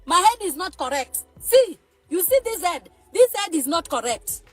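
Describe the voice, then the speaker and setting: Nigerian woman, very high voice, swinging pitch, agitated rant, faint music behind. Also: sing-song, normal speed. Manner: agitated, threatening, pleading. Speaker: mother. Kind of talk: emotional rant to camera. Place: parked car.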